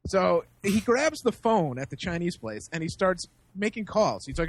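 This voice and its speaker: A man with a high voice tells a story on a podcast. He is animated and laughs often. He acts out the people in the story as he goes. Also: moderate pace. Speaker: podcast host. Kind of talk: casual storytelling.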